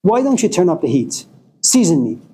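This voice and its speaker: A man's voice: very animated, moderate pace, dark tone, husky, exaggerated voice. A man voicing an indignant male chicken in a cooking pot, in a whiny, exasperated, raised voice. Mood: resigned. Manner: whiny, exasperated, pitched high.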